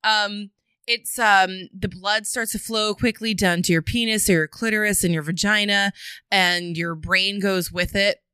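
A woman co-hosting a podcast in casual chat, playful and often laughing, sometimes dropping into a low sultry voice. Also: fairly even intonation, measured pace, bright, forceful tone, smooth, dry recording, studio quality. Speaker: podcast co-host.

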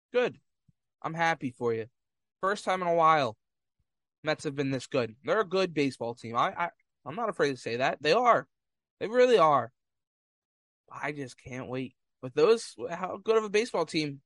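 A man's voice: fairly high pitch, fairly bright tone, no echo. A man giving casual sports commentary, fired up and trash-talking rival fans.

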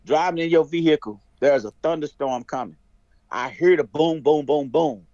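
A man on a podcast, animated, acting out the lines of people in his stories. His voice sounds dry and close, with a slightly dull, muffled tone. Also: fairly high pitch, normal speed, no echo. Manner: animated storyteller, acts out dialogue. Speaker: podcast guest, veteran. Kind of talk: casual chat.

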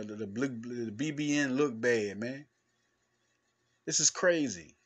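Male podcast host, basketball analyst, animated and repetitive, informal street phrasing, mid pitch. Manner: animated, emphatic and repetitive, with stammered restarts; informal slangy speech, addressing fans directly. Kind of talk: casual solo podcast talk.

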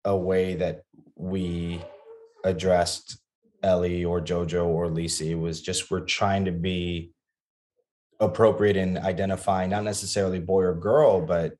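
A man's voice: sits low, little pitch movement, measured pace, a little mellow. A man in his thirties talking as a guest on a podcast about being a father, earnest and reflective, with many restarts and fillers.

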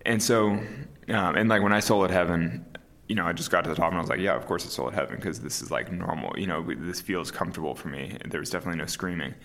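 A man in his thirties, an interview guest talking casually and calmly, with many fillers and restarts. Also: sits low, quick pace. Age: 30s. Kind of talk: casual conversation.

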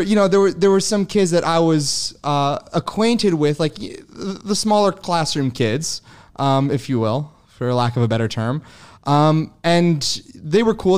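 A man's voice: fairly high pitch, darkish tone. A young man as an interview guest, telling his story loosely and profanely with many fillers and frequent chuckles.

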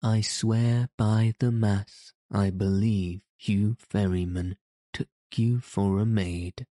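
A bold young outlaw who teases his companion in archaic speech, as a male reader puts him on. The voice is low and mellow and moves very slowly, with little rise and fall. It sits close and dry in the recording. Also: fairly even intonation, dry recording. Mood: teasing. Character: bold cheerful teenage boy outlaw, teasing. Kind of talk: audiobook character reading.

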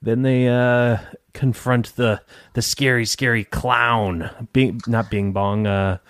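A man hosting a casual film chat, relaxed and agreeable, with frequent filler words. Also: mid-range voice, slow pace, clear, resonant tone, no room sound, clean studio sound.

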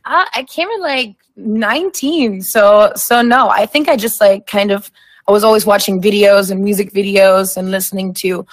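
A woman's voice: medium pitch, normal speed, no echo. A young woman from Germany, a guest singer on a radio show, talking in a giggly, easygoing way full of fillers. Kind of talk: casual radio interview.

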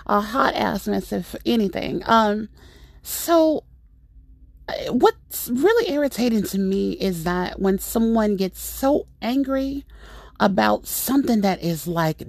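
Middle-aged woman host, gravelly voice, dry close mic, chatty exasperated storytelling. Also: medium pitch, no echo. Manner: animated, exasperated, rambling with fillers. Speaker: podcast host. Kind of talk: casual storytelling monologue.

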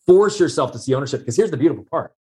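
A man's voice: fairly high pitch, expressive, very fast, mellow. A man telling a personal story in a conversation, earnest and emphatic, repeating key phrases for weight.

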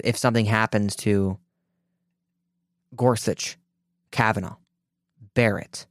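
A man rails through a political commentary on his own radio show, emphatic and indignant, often restarting a phrase. His voice is smooth and resonant, recorded dry and close with no room sound. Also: mid-range voice, normal speed, no echo.

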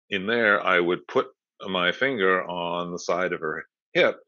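A man's voice: sits low, sharp tone, no echo. An older man, a movement educator, explaining thoughtfully in a conversational interview with rambling asides. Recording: dull lo-fi dry remote audio.

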